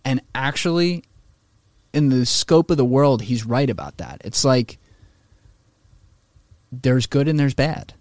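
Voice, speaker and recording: A man in an easygoing podcast conversation, opinionated and animated, swearing now and then. His voice sits in a middle pitch. The sound is dry and close, with no room echo. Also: slow, long pauses.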